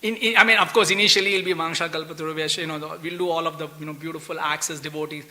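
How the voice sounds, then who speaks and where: A man's voice: a little high, fairly even intonation, racing, bright, forceful tone. A man giving a scripture class in a temple, chatty and full of "you know" and "right?", acting out the characters of a story. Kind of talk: sermon with storytelling. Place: temple hall.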